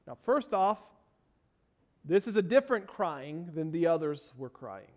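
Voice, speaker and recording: A pastor preaching a sermon and leading a prayer, his voice climbing for emphasis and sinking low and quiet in prayer. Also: unhurried.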